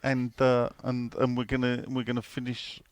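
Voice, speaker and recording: A man's voice: medium pitch, monotone, moderate pace, smooth, no room sound. A man co-hosting a casual football podcast, swearing freely and reading out listener questions. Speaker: podcast co-host.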